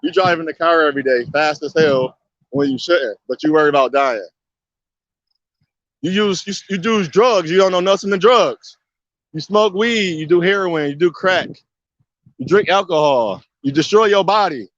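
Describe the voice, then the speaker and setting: A man talks in a casual monologue, pressing each point again and again and firing rhetorical questions at the listener. His voice sits a little high for a man. The recording is muffled and dull, with a dry, close sound and no room echo. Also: moderate pace, a bit bright. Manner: emphatic, repetitive, drives points with rhetorical questions. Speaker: video commentator.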